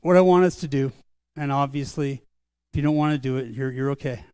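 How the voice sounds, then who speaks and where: A man's voice: mid-range voice, mellow, clear, resonant tone, dry recording. Older man pastor, dry close sound. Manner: earnest, conversational, slows for solemn lines. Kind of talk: sermon storytelling. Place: church sanctuary.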